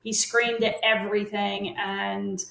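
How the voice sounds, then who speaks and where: A woman's voice: medium pitch, flat delivery, slow pace, creaky, sharp tone, roomy sound, poor audio. A middle-aged woman telling long casual stories as an interview guest, rambling with fillers and restarts. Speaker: guest, parrot consultant. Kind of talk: casual storytelling chat.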